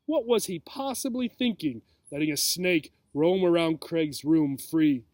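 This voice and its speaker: A man's voice: fairly high pitch, unhurried, dry recording. Man reading a children's book aloud. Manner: expressive storytelling. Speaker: reader.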